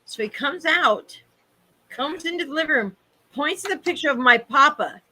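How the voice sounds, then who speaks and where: A woman's voice: high voice, animated, normal speed, sharp tone, low-quality recording. A grandmother telling a family story in a casual, direct way. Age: older.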